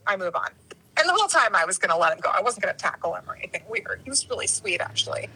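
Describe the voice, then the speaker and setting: A woman with a bright, slightly high and husky voice tells a casual story. She is animated and jumps into playful voices for the people she quotes. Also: quick pace, rough recording.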